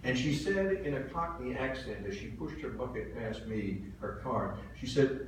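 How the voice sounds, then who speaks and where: A man's voice: medium pitch, animated, normal speed, few pauses, distant mic. Older man preaching in an echoey hall. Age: 70s. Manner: earnest storytelling, swelling and dropping in volume. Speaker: pastor. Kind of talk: sermon. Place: church sanctuary. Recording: very echoey hall from afar, faint hiss.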